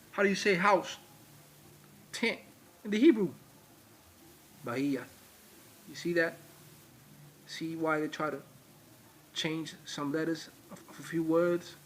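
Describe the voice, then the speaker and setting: A religious teacher gives an informal lecture in a voice on the high side and a bit bright. He's emphatic and repetitive, going over his points again and speaking straight to his viewers.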